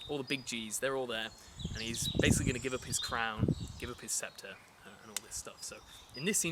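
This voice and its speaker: A man teaching verse in a relaxed, conversational way, at an ordinary pitch. He often pauses to fill gaps and rephrase. The recording has a clear layer of background noise with birds and insects. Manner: relaxed and chatty, with frequent fillers and restarts. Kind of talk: casual explanatory lesson.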